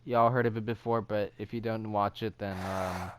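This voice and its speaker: A man's voice: on the low side, fairly even intonation, moderate pace, a loud crowd. A young man hosting a casual podcast, rambling and laughing often between thoughts. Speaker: podcast host. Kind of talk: casual podcast chat in a VR game.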